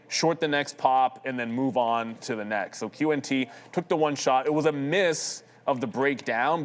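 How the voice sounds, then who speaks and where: Casual man calling live trades, echoey room. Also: medium pitch. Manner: quick, casual, thinks aloud with restarts. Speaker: day trader co-host. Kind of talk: live market commentary. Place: trading floor studio.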